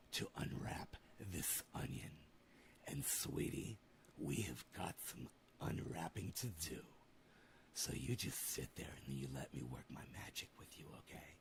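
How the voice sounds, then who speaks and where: A man voicing a sassy, campy, indignant man who speaks in a mocking, drawn-out, fussy way. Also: very deep voice, expressive, vocal fry, slight background noise, pitched below the performer's own voice, heavily acted.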